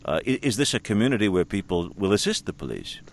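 A man hosting a radio news interview, asking measured, probing questions. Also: fairly low pitch, very animated. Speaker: radio host.

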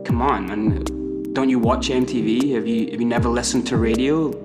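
Scottish man, middle-aged, animated storyteller, music playing behind. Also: mid-range voice, normal speed. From Scotland. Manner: animated, breaks into put-on voices and laughs. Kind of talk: casual storytelling.

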